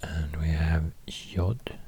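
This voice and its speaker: A man with a Swedish accent rambling quietly in soft-spoken ASMR, half-whispering and pausing often. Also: rumbling low, fairly even intonation, slight background noise. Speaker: ASMR creator.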